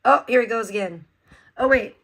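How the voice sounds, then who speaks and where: A woman's voice: on the high side, moderate pace, vocal fry, rough recording. A woman hosting a livestream, giving blunt, profane, mocking commentary in a casual ranting style.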